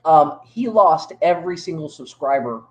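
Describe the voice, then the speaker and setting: A man's voice: a little high, expressive, normal speed, darkish tone, lo-fi sound. Enthusiastic Texan man in echoey room. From Texas. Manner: enthusiastic, rambling storyteller. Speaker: YouTuber and museum worker. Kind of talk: casual chat to viewers. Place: dated gift shop indoors.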